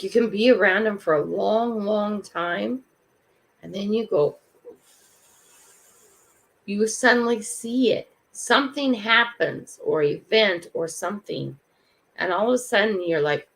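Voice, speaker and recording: An older woman hosts a morning livestream, greeting viewers by name and musing aloud in a casual, reflective live chat. Her voice is medium-pitched with vocal fry.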